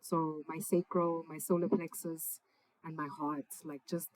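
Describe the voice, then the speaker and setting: Over a noisy crowd, a young singer-songwriter chats casually and affectionately between songs at a live session in her parents' backyard. Her deep voice is flat and a little slow, and her talk is laid-back and full of slang, with plenty of swearing. The recording is rough.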